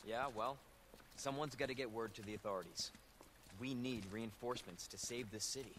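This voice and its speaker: A man's voice: mid-range voice, normal speed, lightly acted. An actor voicing an earnest young male rookie cop who talks steadily, heard as game audio. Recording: game audio under loud gameplay noise.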